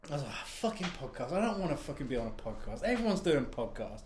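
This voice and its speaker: A man's voice: medium pitch, sing-song, quick pace, a little mellow, reverberant, a little hiss or hum. A man rambling in a casual, sweary monologue from his home office, laughing often. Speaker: author and podcast host.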